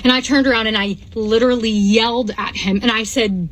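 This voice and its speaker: A woman with a fairly high voice tells a story to camera about something that happened to her. She is emphatic and indignant and keeps repeating her points. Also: fairly even intonation, a little fast, rough recording. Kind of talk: recounting a personal story to camera.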